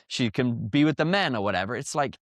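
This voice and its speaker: A man's voice: medium pitch, animated, fairly quick, no echo. A British man speaking as a podcast guest, blunt and chatty with lots of filler words. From Britain. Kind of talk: casual conversational interview.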